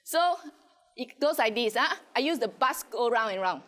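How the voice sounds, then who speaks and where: A woman with a Singaporean English accent, an educator giving an animated conference workshop and often checking in with her audience. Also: a little high, normal speed. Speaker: early childhood educator presenting at a conference.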